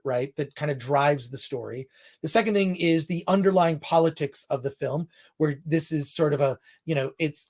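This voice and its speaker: A man hosting a film review show in casual chat, rambling off on tangents and restarting his sentences often. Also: on the high side.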